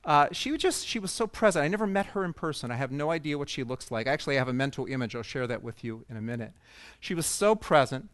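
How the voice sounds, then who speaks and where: A man's voice: mid-range voice, racing, few pauses, fairly bright tone, clean tone, dry recording. A man telling a personal story with humor as a speaker at a coaching event. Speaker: conference speaker. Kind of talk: storytelling keynote talk to coaches. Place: event stage before an audience.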